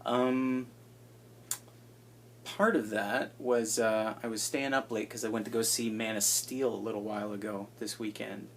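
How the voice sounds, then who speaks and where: A man in his twenties chatting casually and self-deprecatingly, with hushed asides, into an iPad held at arm's length. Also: lowish voice, flat delivery, measured pace, a little hiss or hum. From United States. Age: 20s. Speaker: vlogger introducing himself. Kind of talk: casual rambling chat.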